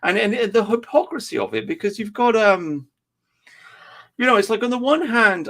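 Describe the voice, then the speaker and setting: A man's voice: high-pitched, big pitch swings, moderate pace, fairly bright tone. Swearing man on a rant. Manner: ranting, heavy swearing. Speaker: podcast co-host. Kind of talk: casual chat.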